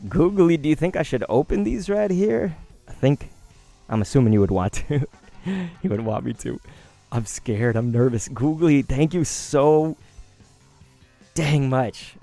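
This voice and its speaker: A man in his thirties talks on a live stream while he opens trading cards. He is excitable and gushing, and he often breaks into laughs and sighs. His voice sits in a middle pitch, with faint music playing behind him. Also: a little slow, creaky, pauses often.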